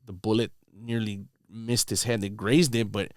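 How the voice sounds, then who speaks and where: A man's voice: lowish voice, little pitch movement, normal speed, no echo. A man, a podcast guest in a studio, telling a rambling story in casual slang full of "dude" and "bro".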